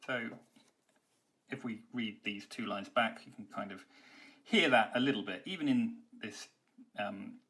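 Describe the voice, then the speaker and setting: A man's voice: lowish voice, unhurried, long pauses, fairly bright tone. A man giving a university poetry lecture, talking conversationally and explaining step by step, with frequent ums and uhs. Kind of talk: recorded lecture.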